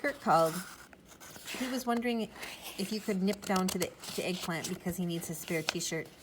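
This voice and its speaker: A kindly mother from a children's storybook, passing on a message in a matter-of-fact way. A woman reads her in close to her own low-ish voice. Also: normal speed, noisy background, close to an everyday voice.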